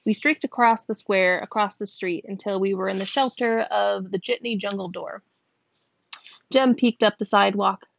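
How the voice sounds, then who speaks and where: A woman reading a novel aloud, lifting her pitch a little for the characters' lines, at times stopping to check how a word is said. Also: moderate pace, creaky. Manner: voices characters with small pitch lifts; stops to check a word's pronunciation and laughs. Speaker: reader. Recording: dull, dry close recording.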